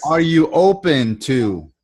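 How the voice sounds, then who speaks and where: A man's voice: fairly high pitch, slow. A middle-aged man hosting a sales coaching call, talking energetically and acting out both sides of sales conversations. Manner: energetic, repeats himself, acts out both sides of calls. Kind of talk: casual coaching talk with role-played sales dialogue.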